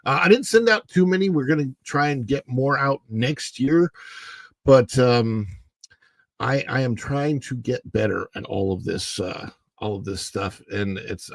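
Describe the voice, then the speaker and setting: A man hosting a casual livestream, chatting and reading viewer comments while his voice is hoarse from the morning and he keeps clearing his throat. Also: medium pitch, no room sound. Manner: rambling, chatty, greets viewers by name. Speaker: livestream host.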